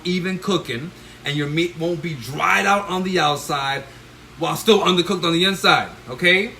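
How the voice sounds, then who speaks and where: A middle-aged chef with a fairly high voice runs a live cooking stream at his stove, filmed on a handheld phone. He coaches viewers, tagging lines with "okay?" and "all right?", and bursts into loud, excited whoops. Frying sizzle and kitchen clatter come through clearly, along with a little hiss or hum.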